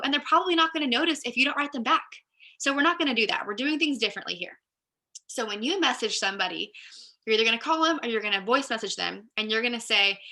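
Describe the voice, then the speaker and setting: A team leader gives her team a casual training talk in a very bright, forward voice pitched slightly higher than is typical for a woman. She coaches in a chatty, upbeat, direct manner, constantly saying "like" and "you guys."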